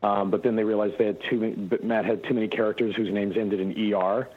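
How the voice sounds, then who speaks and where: A man, a guest voice actor, telling relaxed anecdotes in a casual interview, with frequent fillers and restarts. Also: on the low side, fast talker, phone-quality sound, noisy background.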